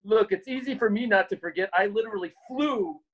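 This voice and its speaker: Boisterous, profane man joking loudly. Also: high voice, a little fast, lo-fi sound. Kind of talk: casual group chat. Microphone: video call.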